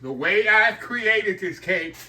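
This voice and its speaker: Older man, folksy home-kitchen cooking host, bright, slightly high voice. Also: expressive, slow. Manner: chatty, folksy, addresses viewers as y'all. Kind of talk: casual cooking demonstration.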